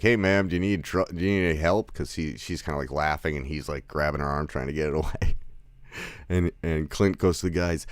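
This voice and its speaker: A man's voice: very deep voice, smooth, no room sound. A man giving a casual movie review, rambling with lots of fillers, restarts and chuckling asides. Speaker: film reviewer.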